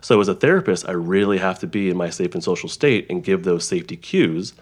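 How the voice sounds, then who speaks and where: Low-voiced male therapist explaining. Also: expressive. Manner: halting, restarts often, explains with examples. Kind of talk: conversational interview.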